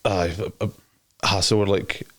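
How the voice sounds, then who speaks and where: A man's voice: low-pitched, level tone, normal speed, a bit bright. A young Scottish man, a DJ and promoter, telling rambling, slangy anecdotes as an interview guest. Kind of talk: casual interview chat.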